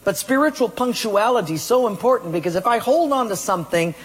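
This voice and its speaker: A man's voice: high-pitched, animated, fast, slightly rough. A male pastor preaching a sermon to a congregation and asking them direct questions. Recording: long hall reverb.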